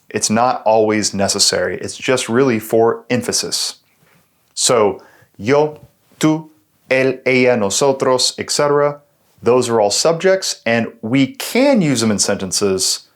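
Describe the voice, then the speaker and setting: A male teacher walks through a language lesson at an unhurried pace, breaking each example into parts. His pitch rises and falls a lot as he explains, keeping the delivery lively. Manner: patient, step-by-step explaining. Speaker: Spanish teacher.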